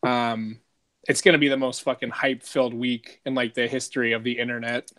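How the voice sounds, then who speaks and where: A man's voice: mid-range voice, level tone, fairly quick, fairly bright tone. A man co-hosting a podcast in casual chat, rambling and profane, with lots of "dude" and "like". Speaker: podcast co-host.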